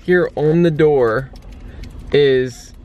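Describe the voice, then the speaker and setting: A man's voice: a little high, extremely slow, a little mellow, lo-fi sound. A man chatting casually for a daily vlog, easygoing and jokey, laughing often. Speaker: vlogger.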